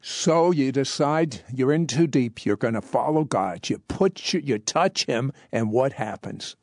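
A man's voice: medium pitch, lively intonation, a little slow, darkish tone, no echo, studio quality. A man interviewing a guest, setting up each moment of the story before asking his question.

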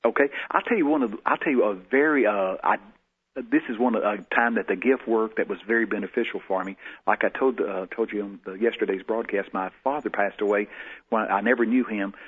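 A man's voice: on the low side, husky. A man, a guest in an interview, telling personal stories in a folksy way and acting out the voices he quotes. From Texas. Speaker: guest prophet. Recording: tinny phone-like lo-fi sound.

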